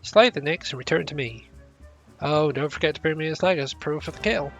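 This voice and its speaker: A man's voice: on the high side, lively intonation, fairly quick, lo-fi sound, faint music behind. A man voicing a haughty, condescending male steward in a game, tripping over a name.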